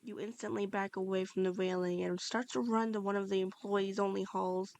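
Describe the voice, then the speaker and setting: A woman's voice: medium pitch, flat delivery, brisk, a little mellow. A woman narrating a second-person fan-fiction story, reading steadily with small slips and restarts. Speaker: fanfiction reader.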